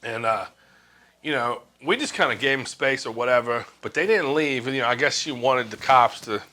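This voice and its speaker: A man's voice: mid-range voice, normal speed, pushed and bright. A man in his forties telling a casual story from his years as a tattoo artist, swearing freely and acting out what others said. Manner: laid-back, swears freely, acts out quoted lines.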